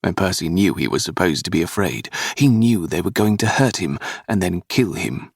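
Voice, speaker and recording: A man narrating a historical romance audiobook in a dramatic, expressive reading. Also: low voice, normal speed, creaky, slightly rough, no room sound, studio quality.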